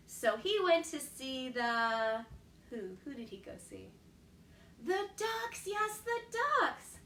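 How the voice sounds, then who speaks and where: An animated woman reads a picture book aloud to young children, her high voice swooping up and down as she exclaims and asks them questions. She talks slowly and brightly. The recording is echoey and set back, in a home kitchen with faint background ambience. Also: distant mic. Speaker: children's storytime host. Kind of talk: children's storytime read-aloud.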